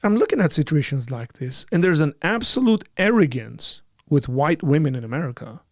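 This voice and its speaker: Male host, gravelly mid-range voice, dry close sound; conversational and emphatic, pitch rising sharply when worked up. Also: expressive, moderate pace, no echo. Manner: acts out both sides of remembered dialogue. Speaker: host of a call-in apologetics panel. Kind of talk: live call-in discussion, personal anecdote.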